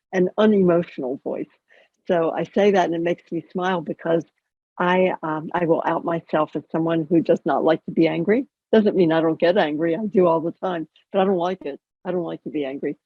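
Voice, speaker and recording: A woman chaplain calmly teaching a mindfulness practice over a video call, conversational and gently humorous. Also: on the low side, vocal fry, breathy edge, dry recording. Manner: calm, conversational, gently explaining with light humor. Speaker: chaplain and educator. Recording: dull lo-fi video call audio.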